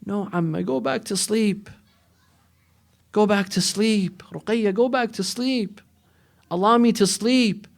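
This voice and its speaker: A man playing a hushed, weary aunt. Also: high-pitched, takes it slowly, creaky, pauses often, voice pushed up, heavily acted. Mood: soothing. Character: weary aunt soothing a crying child. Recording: echoey hall reverb.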